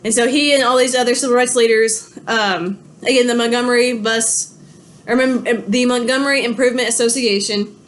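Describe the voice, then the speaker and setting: A woman's voice: fairly high pitch, fairly even intonation, a little fast. A woman giving a history lecture from her home, telling the story in a loose, conversational way and correcting herself as she goes. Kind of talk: recorded online lecture. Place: home with pets.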